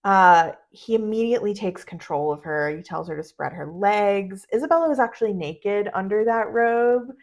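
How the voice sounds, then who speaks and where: A woman talks through a film's scenes in a relaxed podcast chat. Her voice sits in an ordinary middle range, steady and conversational as she recaps. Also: mid-range voice, moderate pace, few pauses. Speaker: podcast co-host. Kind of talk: casual film discussion chat.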